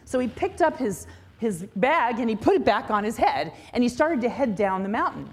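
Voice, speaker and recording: Husky woman minister, lively pitch, storytelling sermon. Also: normal speed. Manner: expressive storyteller, then reflective teaching.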